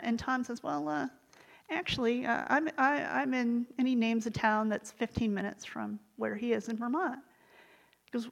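A woman's voice: a little high, fairly even intonation, moderate pace, in a large hall, rough recording. A woman leading a devotional book study, retelling stories in a conversational way with wry asides. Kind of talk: conversational storytelling.

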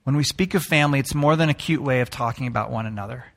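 A man's voice: medium pitch, quick pace, a bit bright. A man preaching a conversational sermon to his congregation as pastor. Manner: conversational, with playful put-on greetings.

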